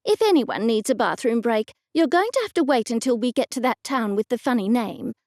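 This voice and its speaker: A brisk, bossy older aunt snaps out orders in a curt, commanding manner with a gravelly edge, as a woman narrator puts her on. Her voice is raised somewhat above the narrator's usual pitch, and the reading is dry and close. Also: lively intonation, a little mellow, dry recording. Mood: irritated.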